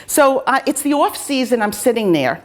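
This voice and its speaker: Chatty, animated woman telling stories. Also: on the high side, moderate pace. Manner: chatty, self-deprecating and animated. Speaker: host; fencing coach. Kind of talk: casual anecdotal storytelling.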